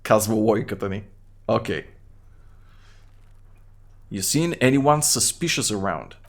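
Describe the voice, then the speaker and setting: A man with a Bulgarian accent streaming a game, reading its text aloud and adding quick, half-joking asides. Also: on the low side, expressive. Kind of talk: live gameplay commentary, reading game text.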